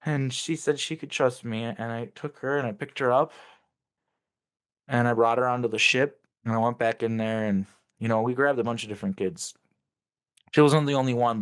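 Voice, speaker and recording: A man's voice: mid-range voice, fairly bright tone. A man talking as an interview guest, recounting memories casually but intensely and swearing freely.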